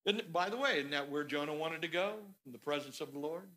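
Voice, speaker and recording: A man preaching a sermon in a church, telling the story in an animated, conversational way. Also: on the high side, fairly quick, rough recording. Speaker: pastor. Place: church sanctuary.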